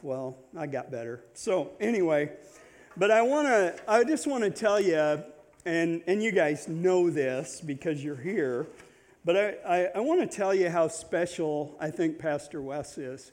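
High-voiced chatty preacher man. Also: darkish tone. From Nebraska, USA. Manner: chatty and self-deprecating, joking asides. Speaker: guest pastor. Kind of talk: informal sermon opening, personal storytelling. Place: church in front of a congregation.

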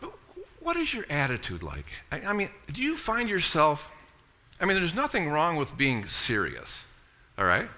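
A man's voice: a little high, huge pitch swings, moderate pace, sharp tone. A middle-aged man preaching a sermon in a conversational, joking way, often asking the congregation questions. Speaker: pastor.

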